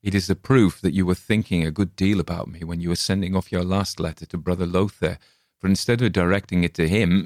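A man reading a story aloud in a measured, grave narration. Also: deep voice, a little mellow, dry recording, studio quality. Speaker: audiobook reader. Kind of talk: scripted narration.

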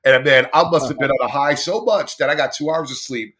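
A man who hosts sports radio, telling a story as a podcast guest in an animated, excited way. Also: medium pitch, brisk. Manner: animated, hyped, chants and yells in quotes.

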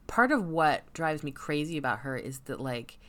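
A woman's voice: sits low, very animated, normal speed, a bit bright. A woman co-hosting a casual chat, talking frankly and swearing freely. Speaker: podcast co-host.

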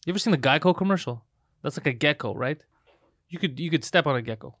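Man, slightly high voice, teasing, casual banter, dry close sound. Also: animated, fast talker, fairly bright tone, breathy edge, no echo. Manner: joking, teasing, acts out silly quotes. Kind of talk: casual chat.

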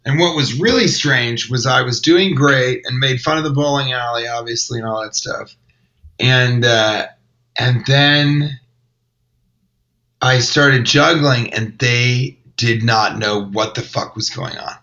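Bright-voiced man telling comic stories. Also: mid-range voice, a little slow, rough recording. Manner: rambling, wry, self-interrupting. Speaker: comedian and podcast host. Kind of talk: casual comedic storytelling.

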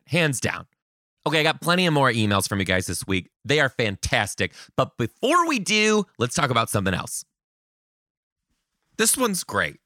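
A sarcastic man in his thirties hosts a comedy podcast and reads out listener emails. His pitch swoops all over the place as he tells his stories. His voice sounds bright, and the recording is dry and close. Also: dry recording. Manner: animated, sarcastic, jumps into high mocking voices. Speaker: podcast host.

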